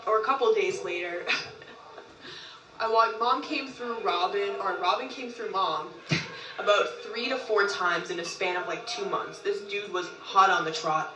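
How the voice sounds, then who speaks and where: A woman recounts events in a loose, casual way, breaking into laughter and acting out the voices of others. Her voice sits at a middle pitch. It sounds roomy and a bit distant from the mic. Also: a little slow, over music. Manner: animated, laughing often, acts out quotes. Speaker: group member recounting events. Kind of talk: casual storytelling.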